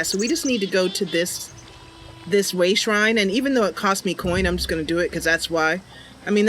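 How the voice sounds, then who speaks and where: A woman's voice: mid-range voice, fairly bright tone. A woman hosting a game role-play video, talking in a playful, giggly, chatty way while she plays and narrates the story. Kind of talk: casual gameplay commentary with role-play narration.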